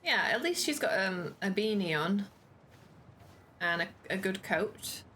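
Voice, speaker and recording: A woman's voice: medium pitch, very animated, a little slow, bright, forceful tone, a little hiss or hum. A woman streaming a game, chatting casually, laughing often, and reading on-screen text aloud.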